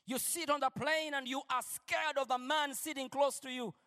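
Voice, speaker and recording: A male preacher giving an impassioned sermon, shifting between quiet lines and shouted declarations. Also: very high voice, steady tone, moderate pace, long reverb tail.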